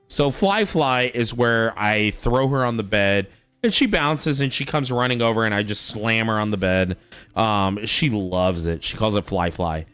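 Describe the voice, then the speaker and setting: Man, casual streamer chat, lively pitch, dry close sound, soft music behind. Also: dry recording. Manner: animated storytelling, swearing. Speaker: father.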